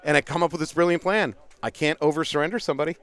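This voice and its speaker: A middle-aged man, casually telling animated paintball stories as a livestream commentator outdoors. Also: on the high side, very fast. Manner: animated, laughing storyteller.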